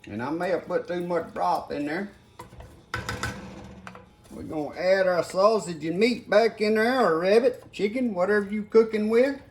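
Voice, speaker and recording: With a voice that sits high and feels a little mellow, an older man speaks at a measured pace. He's cooking at home in a casual demonstration, chatting folksily with viewers he calls "guys," as pots clatter and food sizzles faintly.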